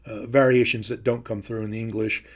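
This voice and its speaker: A man teaching a Bible lesson in a measured, emphatic way, slowing down to stress key phrases. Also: mid-range voice, flat delivery. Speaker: preacher.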